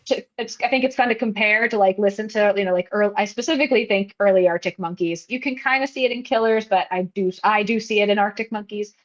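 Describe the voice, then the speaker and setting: A woman's voice: mid-range voice, dull audio. A young woman co-hosting a podcast in casual chat, rambling and laughing at herself as she talks. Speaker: podcast co-host.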